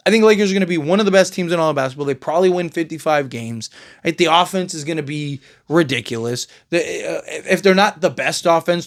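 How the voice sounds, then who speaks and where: A man with a fairly high speaking voice riffs through casual basketball commentary as a show host. He talks in a loose, conversational way, stumbling into restarts and tossing in "right?" to keep the listener with him. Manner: conversational, many fillers and restarts, rhetorical "right?" tags. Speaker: sports podcast host.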